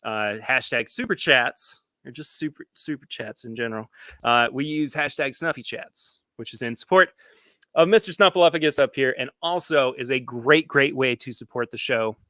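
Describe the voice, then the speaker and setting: Bright, dry-sounding man hosting a stream. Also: mid-range voice, normal speed, no room sound. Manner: rambling, restarts sentences, reads viewer comments aloud. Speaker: podcast host. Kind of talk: casual live-stream chat. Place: home studio with a bar.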